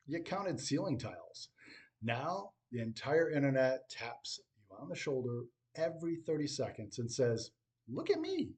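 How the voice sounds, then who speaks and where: Dry, wry man with measured pauses. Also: medium pitch, warm tone. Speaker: teacher. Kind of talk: scripted commentary to camera.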